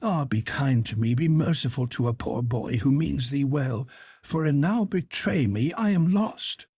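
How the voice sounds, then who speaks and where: A man voicing a timid, frightened young male page in a high, pleading voice, in an audiobook reading. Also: huge pitch swings, slow pace, a little mellow, slightly rough, dry recording, clean studio sound, heavily acted.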